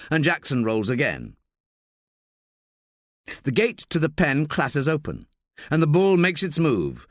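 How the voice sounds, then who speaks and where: A man's voice: mid-range voice, no echo, studio quality. A man narrating a tense thriller audiobook in a dramatic reading style. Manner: dramatic, voices shouted dialogue.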